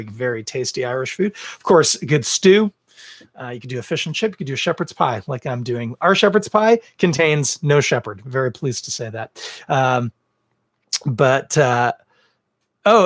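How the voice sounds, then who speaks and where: A man's voice: medium pitch, a bit bright. A man hosting his own podcast, talking in a casual rant full of ums and uhs, earnest and then blunt. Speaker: podcast host. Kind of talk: casual ranting monologue. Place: home set filmed on two cameras.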